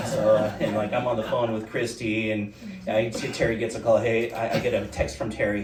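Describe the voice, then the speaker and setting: A man's voice: on the low side, level tone, brisk, a loud crowd. A man giving an unprepared speech at a friend's wedding, hesitant and full of fillers, with wry humor. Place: wedding ceremony. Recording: roomy, distant, clear background ambience.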